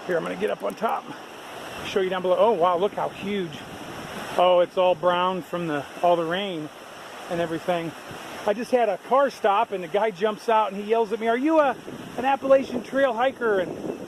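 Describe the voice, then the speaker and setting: A man's voice: sits high, low-quality recording. A man hiking a long trail and chatting casually to his camera outdoors, easygoing and full of fillers. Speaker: thru-hiker vlogger. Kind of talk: casual vlog narration to camera. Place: outdoors on a mountain trail by a stream. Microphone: handheld camera mic. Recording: faint outdoor background noise.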